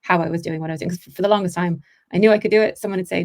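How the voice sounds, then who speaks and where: A woman with an Irish accent, an actress and accent coach, telling stories in a chatty podcast interview, quick and full of restarts. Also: lowish voice, steady tone. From Ireland.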